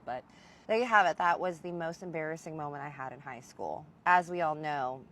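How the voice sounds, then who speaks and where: A young woman telling a casual storytime vlog, animated and playful, swearing freely. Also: sits low, slight background noise. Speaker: storyteller vlogger.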